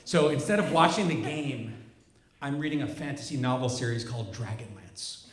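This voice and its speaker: A man's voice: mid-range voice, animated, moderate pace, heavy background noise. Wry man telling a story in a roomy hall. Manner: wry, vivid, self-mocking. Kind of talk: first-person storytelling on stage. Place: stage of a cultural center hall.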